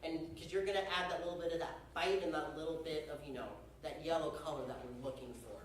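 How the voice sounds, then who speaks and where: Giving instructions at band rehearsal, a young conductor jokes around and chats, using "y'all." He talks fast in a fairly high voice with fairly even intonation. The distant capture in a very echoey hall carries slight background noise.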